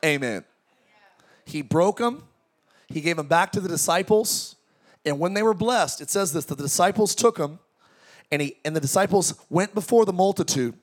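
A man with a high, bright voice preaches to a tent congregation. He keeps it lively, with jokes and questions thrown out to the crowd. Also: moderate pace. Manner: energetic, joking preaching with audience call-outs. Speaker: pastor. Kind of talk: sermon. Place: large tent church.

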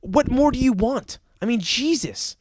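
A man's voice: very high-pitched, expressive, measured pace, no room sound. A man who works at a restaurant, delivering a profane, exasperated rant full of stammers and restarts. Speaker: restaurant server. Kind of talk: ranting comedic monologue.

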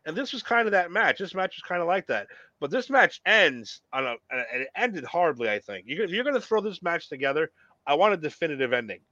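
A man's voice: a little high, sing-song, fairly quick, pushed and bright, no room sound. Laid-back man, dull dry sound. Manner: laid-back, rambling, swears freely. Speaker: podcast co-host. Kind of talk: casual wrestling chat.

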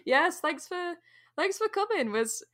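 Bright, giggly woman podcast co-host. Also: very high voice, measured pace. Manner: giggly, animated, joking. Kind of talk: casual chat.

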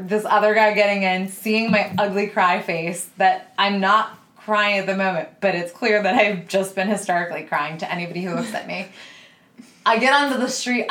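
A woman's voice: medium pitch, fairly bright tone. A woman podcast host telling a story in a casual way, laughing often and swearing freely. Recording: roomy echo.

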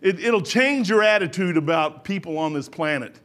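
A man's voice: high voice, lively intonation, normal speed, a bit bright. A man preaching a sermon in a folksy, rambling way, full of restarts.

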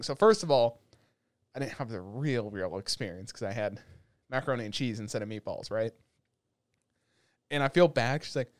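A man co-hosting a podcast, telling a long animated rant in casual chat. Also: medium pitch, moderate pace, no room sound, clean studio sound. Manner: animated ranting storyteller. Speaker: podcast co-host.

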